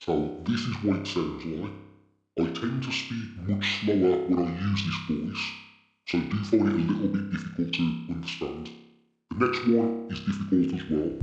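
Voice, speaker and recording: A man speaking slowly through a robot voice changer filter. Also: deep voice, echoey room, lo-fi sound, over music, voice pushed down. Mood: flat. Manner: slow, deliberate speech. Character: slow male robot voice.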